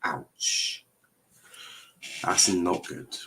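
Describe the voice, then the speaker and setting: A man's voice: extremely slow, pushed and bright. A man hosting a casual football show, rambling along, reading out viewer comments with plenty of hesitant fillers and restarts. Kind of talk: casual live-stream chat.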